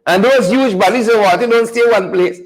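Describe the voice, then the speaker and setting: A man's voice: high voice, a little fast, rough recording. A man hosting a live news chat show. He talks in a folksy, preachy way, repeats his phrases and keeps calling out to his viewers. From Guyana. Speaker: show host.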